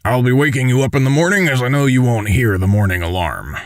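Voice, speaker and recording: A man voicing a protective older militia leader who speaks in a calm, measured way. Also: mid-range voice, no room sound, clean studio sound, voice pushed up, natural voice. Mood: kindly.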